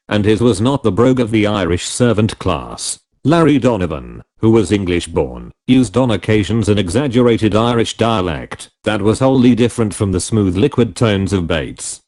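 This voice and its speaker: Male audiobook narrator, low voice, lively first-person reading.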